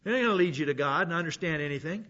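A man's voice: on the high side, lively intonation, rapid-fire, pushed and bright, dull audio. Blunt, folksy preaching man. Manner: blunt, conversational preaching with repeated restarts. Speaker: pastor teacher. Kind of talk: sermon.

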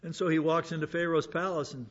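A man's voice: on the high side, steady tone, fast talker, fairly bright tone, highs cut off. A man giving an informal Bible lesson, chatting along, repeating words and asking rhetorical questions. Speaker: Bible teacher.

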